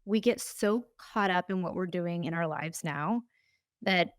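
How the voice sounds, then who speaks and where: A woman's voice: fairly low pitch, unhurried, no echo, clean studio sound. A woman in her thirties hosting her podcast alone, telling her story in an earnest, candid and openly emotional way. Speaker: podcast host. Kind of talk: solo podcast monologue.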